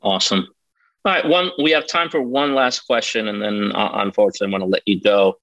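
Bright-voiced male interview host. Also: fairly low pitch, quick pace, muffled recording. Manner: encouraging, asks long framed questions. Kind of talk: interview conversation.

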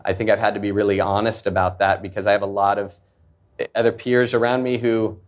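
A man's voice: lowish voice, little pitch movement, brisk. A man in his thirties, a company founder, telling a personal story in an interview in an earnest, confessional way. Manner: earnest, confessional, acts out quoted voices. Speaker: founder and CEO, guest.

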